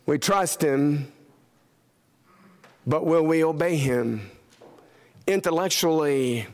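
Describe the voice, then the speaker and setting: Male preacher, emphatic sermon delivery, high-pitched and unhurried. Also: a little mellow, big-room sound. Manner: emphatic, with dramatic pauses and falls in pitch.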